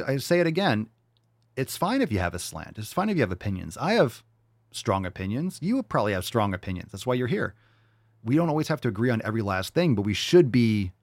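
A man hosting a podcast, ranting with swearing and heavy emphasis. His pitch swings widely as he talks, and the sound is close and dry with no room echo. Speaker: podcast host. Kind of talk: casual opinion rant.

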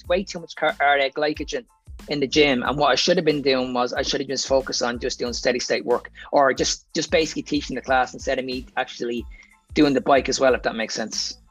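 A man's voice: on the high side, fairly even intonation, fairly quick, breathy edge, soft background music. A man with an Irish accent, a fitness coach talking as a podcast guest, explaining training advice plainly from his own experience. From Ireland. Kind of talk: casual podcast chat.

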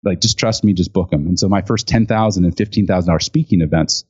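A man telling a story in an interview, animated and chatty, acting out other people's lines with lots of fillers. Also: deep voice, fast talker, slightly rough. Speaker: guest, speaker and author on gifting. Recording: dull lo-fi sound.

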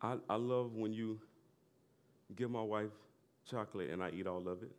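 A middle-aged male pastor preaching a sermon in a loose conversational way, with laughing asides and loud bursts of emphasis. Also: lowish voice, moderate pace, slight background noise.

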